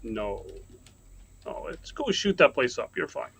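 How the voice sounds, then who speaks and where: A man's voice: medium pitch, sing-song, measured pace, fairly bright tone, husky, no room sound, low-quality recording. A man from Ontario, Canada chatting as a guest, rambling through a story with many restarts. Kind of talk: casual chat.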